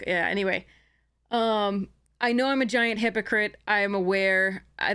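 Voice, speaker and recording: A woman's voice: medium pitch, a bit bright, clean tone. A woman streamer chatting casually to her live audience, rambling with many fillers and restarts. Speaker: game streamer.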